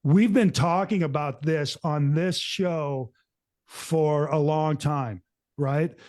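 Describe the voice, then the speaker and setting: A middle-aged man hosting a show, telling a story in a rambling, animated way and acting out what people said. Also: a little high, slow. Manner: rambling, animated, acts out quotes. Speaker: show host. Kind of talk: casual storytelling to co-hosts.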